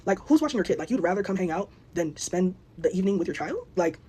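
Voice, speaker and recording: A woman's voice: fairly low pitch, expressive, very noisy. A young woman telling a personal story in casual vlog style, blunt and outspoken, swearing freely and acting out what each person said. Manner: rapid, blunt, swears freely, acts out both sides of the story.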